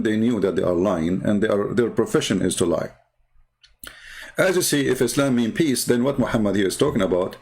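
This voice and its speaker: A man's voice: on the low side, vocal fry, a little mellow. Blunt sarcastic male livestream host. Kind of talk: combative livestream commentary.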